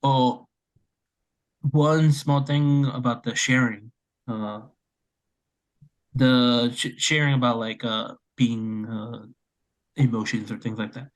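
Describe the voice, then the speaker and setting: A man's voice: medium pitch, fairly even intonation, slow, pauses often, low-quality recording. A young man in his twenties co-hosting a casual podcast, speaking earnestly with many fillers. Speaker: podcast co-host.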